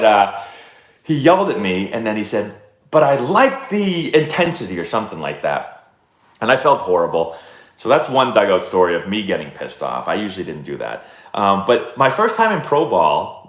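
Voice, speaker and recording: A man's voice: mid-range voice, reverberant. A man from the Boston area hosting a casual live baseball stream, telling stories with lots of fillers and reading out viewer messages. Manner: animated storyteller, many fillers. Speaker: baseball channel host answering live chat. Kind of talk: casual livestream storytelling.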